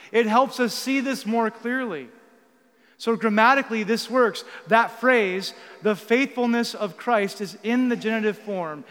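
High, bright-voiced preacher in a reverberant hall. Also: male voice. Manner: teaching, asks the congregation questions; builds to emphatic, raised passages. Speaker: guest preacher. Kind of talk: sermon. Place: church sanctuary. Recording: long reverb of a church hall.

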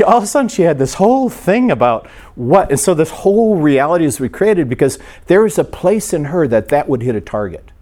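Man, middle-aged, pastor, conversational sermon, halting restarts, mid-pitched voice. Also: darkish tone. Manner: conversational storytelling, frequent restarts.

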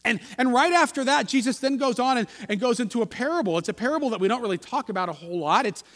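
A man with a very high, lively voice gives a sermon in a casual, halting way, often restarting his sentences. His voice rings with long hall reverb, as in a church. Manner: conversational, halting with many restarts. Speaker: pastor.

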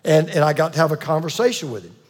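A man in his sixties preaching a sermon as a pastor, emphatic, with dramatic pauses and asides to the congregation. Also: fairly high pitch, big-room sound.

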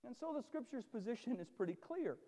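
A man's voice: sing-song, a little fast, mellow, in a large hall. A male pastor preaching a sermon with emphatic, dramatic delivery. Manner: emphatic preaching with dramatic swings in pitch and volume.

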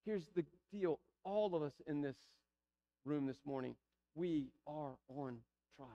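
A male pastor preaching a sermon to his congregation, moving between soft pleading passages and emphatic repeated phrases. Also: fairly high pitch, measured pace, muffled recording. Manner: pleading, building to emphatic repetition. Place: church sanctuary.

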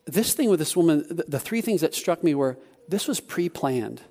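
A man preaching a sermon, telling a personal story in an animated way with many restarts. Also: fairly high pitch, normal speed.

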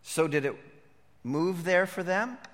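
A pastor preaching a sermon, moving between hushed reflection and emphatic declarations. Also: male voice, high voice, expressive, slow pace, long reverb tail.

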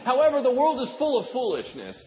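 A man's voice: very high-pitched, huge pitch swings, quick pace. A male pastor preaching a sermon with humor, acting out little dialogues as he speaks. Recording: echoey hall, dull sound, faint noise.

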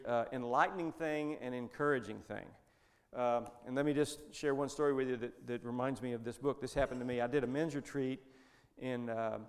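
A man preaching, telling a story in a folksy, rambling way, with frequent restarts. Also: mid-range voice. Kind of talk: sermon storytelling. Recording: long hall reverb.

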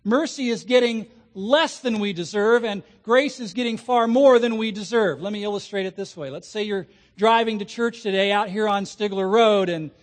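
A man preaching a sermon as pastor, who puts questions to the congregation and slows down to stress key words. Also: high voice.

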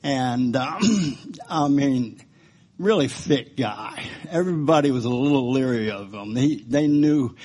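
Husky man telling a sermon testimony. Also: mid-range voice, unhurried. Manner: storytelling, by turns animated and subdued. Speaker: preacher sharing his testimony.

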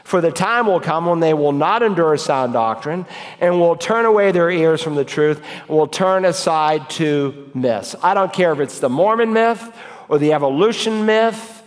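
A middle-aged man preaching an expository sermon, emphatic and building to forceful exhortation. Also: on the high side, lively intonation, normal speed, big-room sound.

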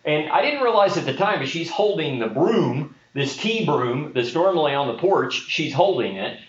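Animated man telling a story in a sermon. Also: on the high side, moderate pace. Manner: animated storyteller, speeds up in action. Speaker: pastor. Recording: roomy, slightly dull sound.

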